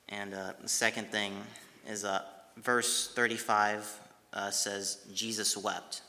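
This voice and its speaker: Low, flat-voiced man in a reverberant hall. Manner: halting, with frequent pauses and restarts. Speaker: devotional speaker. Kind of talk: scripture retelling and reflection.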